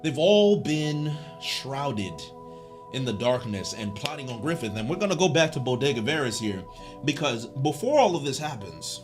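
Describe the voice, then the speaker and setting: A man talks through his video essay in a loose, joking way, full of slang. His voice sits on the high side for a man. Faint music plays underneath. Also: lively intonation, moderate pace, fairly bright tone. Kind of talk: casual video essay commentary.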